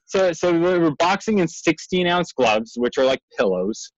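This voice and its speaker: Excitable, profane man telling a story. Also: on the high side, moderate pace, dry recording. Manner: profane, excitable, lots of fillers and laughter. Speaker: guest. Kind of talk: animated storytelling. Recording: dull lo-fi dry sound.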